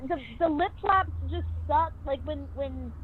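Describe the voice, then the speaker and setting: A woman's voice: high voice, unhurried, slight background noise. A voice actress guest chatting casually and bubbly, giggling and acting out her character's lines. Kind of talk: casual chat on a video call podcast. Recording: tinny phone-like remote audio.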